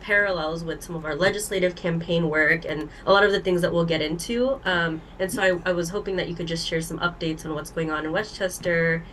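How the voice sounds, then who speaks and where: A woman with a nasal voice welcomes people and opens an online meeting as host. Her voice sits on the low side. The audio is distant and slightly noisy, as from a video call. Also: brisk, hardly any pauses, a bit bright.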